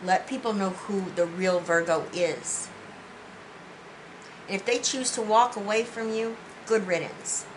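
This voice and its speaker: A tarot reader gives a spiritual reading in a medium-pitched, fairly even voice, a little slow, over a low-quality recording with some hiss or hum. She is earnest and heartfelt, often saying "you know" and restarting many times. She sounds emotional, close to tears.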